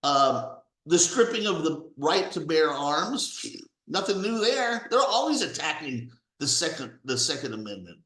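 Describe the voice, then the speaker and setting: A man rants with a raised, lively voice that swings up and down as he hammers his points. He talks angrily and swears freely. The sound bounces around an echoey room. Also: on the high side, a little slow. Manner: angry, profane, emphatic. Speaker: political commentator. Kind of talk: ranting political commentary.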